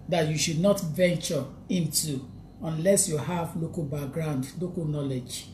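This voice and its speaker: Lawyer lady giving advice, keeps repeating herself for emphasis, kinda low voice. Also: a little slow, a little mellow, slight background noise. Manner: emphatic and repetitive, hammering points home. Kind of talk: advice talk to viewers.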